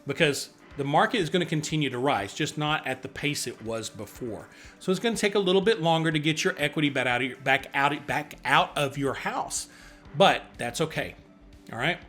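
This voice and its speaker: A man working as a real estate agent, explaining housing market charts in a casual, chatty way, with sudden excited bursts and self-mocking asides. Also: a little high, brisk, faint music behind.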